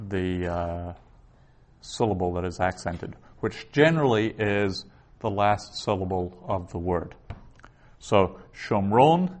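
A middle-aged man lectures a classroom in a somewhat low voice. He explains patiently, pausing and adding fillers as he works through each point. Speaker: teacher.

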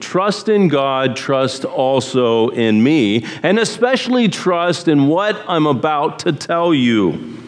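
A pastor giving a sermon with deliberate, emphatic phrasing. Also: male voice, on the high side, very animated. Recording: long hall reverb.

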